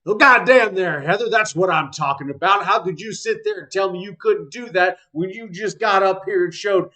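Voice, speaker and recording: A booming, bossy tactics teacher who hollers at his students, voice pushed up high and loud, as a man puts him on. He sounds rough and commanding in a tabletop game. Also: normal speed. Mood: excited praise. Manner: boisterous, shouting praise and orders.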